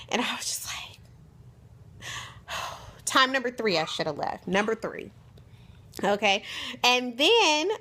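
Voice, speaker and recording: A young woman vlogger telling a frustrated story in a casual, exasperated way, acting out the other people's lines as she goes. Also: mid-range voice. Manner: exasperated, animated, retells exchanges in quoted voices.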